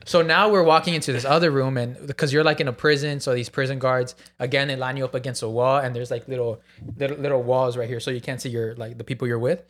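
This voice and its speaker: A man's voice: medium pitch, fairly even intonation, quick pace, a bit bright, a little hiss or hum. A man in a casual chat, telling a wild story with gasps, acted-out quotes and plenty of swearing.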